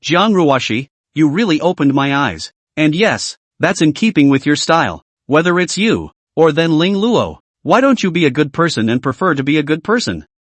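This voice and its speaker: A man's voice: on the high side, very animated, moderate pace, hardly any pauses, dry recording. Man voicing a cold vengeful emperor. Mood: scornful. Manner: cold, scornful.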